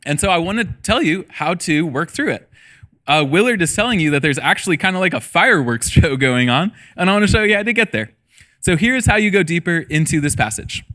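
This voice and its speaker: A man's voice: fairly high pitch, expressive, a little fast, sharp tone. A man in his thirties, a middle school pastor, preaching a casual sermon with personal stories and jokes. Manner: casual storytelling with jokes and laughter.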